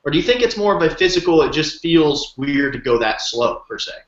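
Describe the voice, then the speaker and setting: A man's voice: on the high side, lively intonation, brisk. A man hosting a podcast interview, asking long, rambling questions with enthusiasm. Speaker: podcast host. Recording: roomy, dull lo-fi sound.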